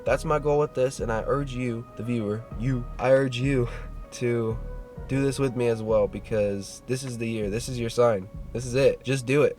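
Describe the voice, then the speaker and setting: Twenty-something guy vlogging, casual, swears, pumps up the viewer; average pitch, faint guitar bed. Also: steady tone, moderate pace, a little mellow. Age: 20s. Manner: earnest, gets worked up and pep-talks the viewer; swears casually, says "dude". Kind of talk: casual motivational vlog talk.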